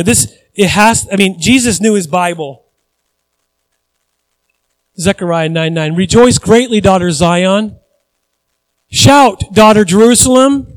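A young man preaching a sermon as pastor, chatty at times and building to loud, emphatic stretches. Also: high voice, poor audio. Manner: conversational asides with restarts.

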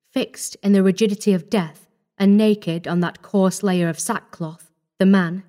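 A woman's voice: mid-range voice, mellow. Woman narrating a classic story steadily. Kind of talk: storybook reading.

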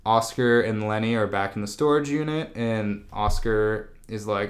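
Young man rambling through a story. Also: on the low side. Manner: rambling, lots of "like", slips into quick silly character voices. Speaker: co-host recapping a film. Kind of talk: casual chat.

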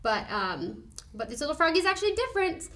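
Woman podcast co-host, high voice, excitable and giggly. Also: fairly quick. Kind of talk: casual podcast chat.

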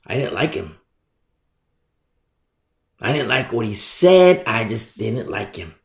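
A man's voice: medium pitch, big pitch swings, slow, roomy sound. A man preaching a sermon, repeating key phrases and asking emphatic rhetorical questions. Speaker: pastor.

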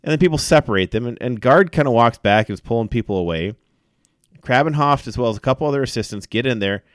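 A man co-hosting a casual sports podcast, telling events in an animated way with many fillers. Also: mid-range voice, fast talker, dry recording, clean studio sound. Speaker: podcast co-host.

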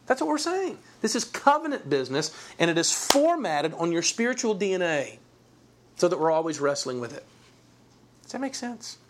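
A Bible teacher giving an informal class, talking conversationally, often repeating words and checking in with rhetorical questions. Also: mid-range voice.

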